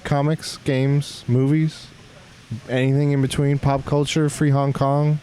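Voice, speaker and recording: A man's voice: medium pitch, little pitch movement, unhurried, mellow. A man hosting a casual podcast, joking and laughing often with his co-hosts. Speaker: podcast host.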